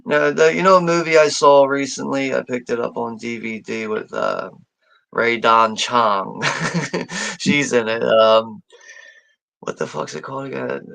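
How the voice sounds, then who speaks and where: Gravelly man cracking crude jokes. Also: mid-range voice, measured pace, fairly bright tone, rough recording. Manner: crude jokes, frequent laughter. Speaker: watch party co-host. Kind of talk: casual chat.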